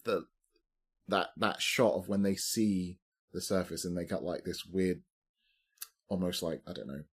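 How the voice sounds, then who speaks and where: A deep, husky-voiced man chatting about a film on a podcast. He gropes for words, leaning on um and like, and sounds unhurried and tentative as he offers his views. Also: steady tone. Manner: hesitant, fills with um and like. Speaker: podcast co-host. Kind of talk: casual film review chat.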